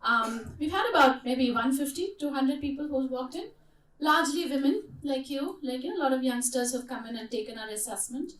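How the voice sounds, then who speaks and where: A woman's voice: high voice, fairly quick, a little hiss or hum. A middle-aged woman leading a workshop, telling stories and asking the audience questions. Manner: lively storytelling, asks the audience questions. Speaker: workshop speaker. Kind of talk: interactive workshop talk. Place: conference hall. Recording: echoey hall, voice from far off mic.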